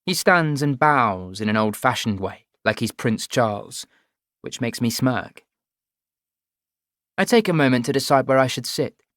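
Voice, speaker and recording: A man narrating a first-person audiobook in a measured, even storytelling voice. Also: medium pitch, no echo, clean studio sound.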